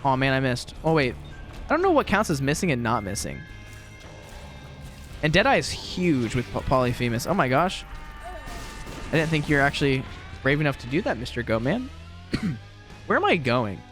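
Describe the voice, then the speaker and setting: Lively young man rambling over gameplay. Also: mid-range voice, moderate pace, long pauses, faint music behind. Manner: rambling, chatty, self-deprecating. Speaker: gaming commentator. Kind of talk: casual gameplay commentary. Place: home room.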